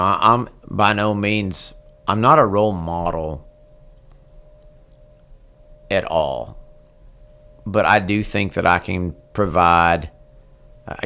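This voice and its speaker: A man's voice: low voice, pushed and bright, clean tone. A man, earnestly telling a personal story in an interview. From Texas. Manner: earnest, reflective, slowing down at key moments. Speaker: guest, country singer.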